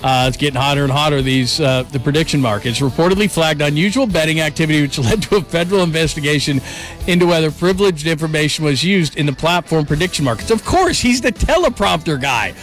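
A man hosting a national sports talk show, energetic and quick to heap praise. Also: on the high side, faint music behind. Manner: energetic, enthusiastic, hyperbolic praise.

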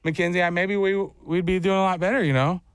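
A man's voice: high voice, clear, resonant tone, no room sound, clean studio sound. A man hosting a casual talk show, telling stories animatedly and laughing easily with his co-hosts. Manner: animated storyteller, quick to laugh. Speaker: radio show host.

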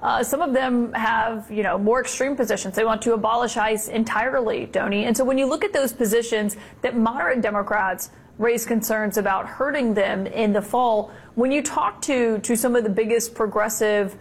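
A woman with a slightly higher voice anchors a TV news segment. She asks long, probing questions in a fluent, steady way. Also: normal speed, few pauses, breathy edge.

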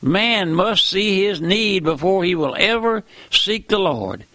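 A man's voice: high voice, lively intonation, takes it slowly, sharp tone, no room sound. A middle-aged man preaching a sermon in a folksy, earnest way, often repeating phrases.

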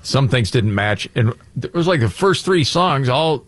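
A man's voice: medium pitch, unhurried. A man co-hosting a radio show in casual banter, telling stories with acted-out quotes. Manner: animated, acts out quotes in the stories he tells.

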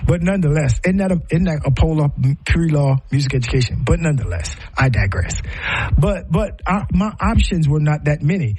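Middle-aged guy, kinda husky and a bit high, rambles and restarts a lot. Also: animated, fairly quick, a little mellow, poor audio. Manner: rambling, many restarts and repeated words. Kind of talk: casual reflective monologue.

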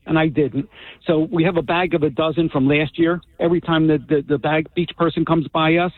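A man's voice: on the high side, no echo. A man calling in to a radio show, chatting in a friendly way and telling stories, heard over the phone. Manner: friendly, storytelling, a bit joking. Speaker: caller. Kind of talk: casual phone-in chat. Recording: tinny phone line.

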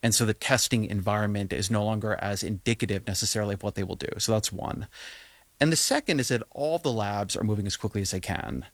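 A man hosting an interview, asking measured, probing questions. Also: lowish voice, no room sound. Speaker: interview host. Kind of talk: interview conversation.

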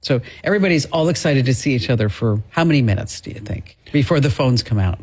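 A woman hosting a talk radio show, chatting casually, telling lively stories and laughing easily. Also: very deep voice, fast talker, slightly rough.

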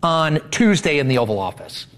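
A man hosts a news interview, pressing his guest with animated questions. His pitch moves widely, rising high on key words, and his voice sits above average for a man. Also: moderate pace. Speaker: interviewer host.

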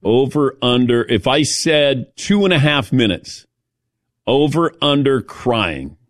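Middle-aged man, radio host, casual sports talk, swooping lively voice, dry close studio mic. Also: medium pitch, takes it slowly, dry recording. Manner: animated, calls on co-hosts by name, self-mocking.

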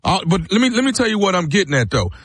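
High-voiced guy drawling the same gripe over and over, dry close sound. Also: sing-song, quick pace, fairly bright tone, no echo. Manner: stubborn, repetitive complaining, drawled words. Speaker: caller. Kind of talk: prank phone call.

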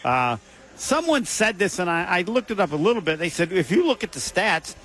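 A man's voice: high voice, very animated, brisk, pushed and bright. A man co-hosting a casual sports talk show, asking questions and making wry asides. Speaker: co-host.

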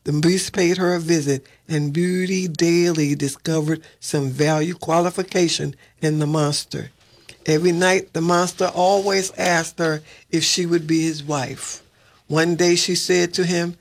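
A man reading a fairy tale aloud at a steady pace, with occasional slips and restarts. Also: on the high side, measured pace. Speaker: reader. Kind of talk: storybook read-aloud.

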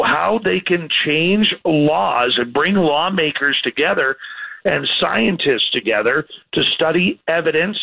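A man calling in to a talk radio show, giving a brisk and slightly wry news rundown. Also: a little high, creaky. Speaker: news contributor. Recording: tinny phone line.

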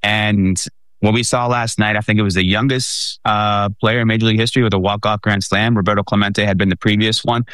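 A man co-hosting a sports talk show, talking in an animated way with many fillers. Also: lowish voice, a little fast, smooth, no echo.

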